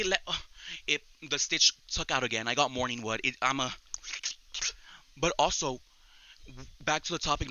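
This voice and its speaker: A young man hosting a casual solo chat podcast, rambling excitably and often restarting his sentences. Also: on the high side, no echo, rough recording. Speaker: podcast host.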